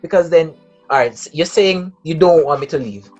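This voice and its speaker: A man's voice: fairly high pitch, normal speed, darkish tone, soft background music. A man co-hosting a casual panel discussion, explaining his view in an earnest, good-humored way. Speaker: co-host.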